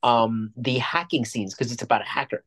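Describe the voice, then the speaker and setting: A man's voice: medium pitch, normal speed, a bit bright. Rambling, jokey male podcast co-host. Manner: rambling, jokey, restarts often. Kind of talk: casual movie review chat.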